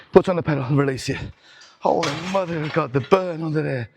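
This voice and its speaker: A man's voice: on the high side, animated, brisk, gravelly, slight background noise. A middle-aged man hosting a workout demonstration vlog in a gym, counting reps aloud and swearing and groaning as he strains through sets. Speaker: gym owner and host. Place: indoor gym.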